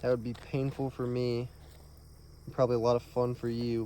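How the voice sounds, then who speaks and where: A young man vlogging on a rural road at night, chatty, excitable and self-mocking, with slang. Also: medium pitch, fairly quick, a little hiss or hum. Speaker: field herper vlogger. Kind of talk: casual vlog narration on the road.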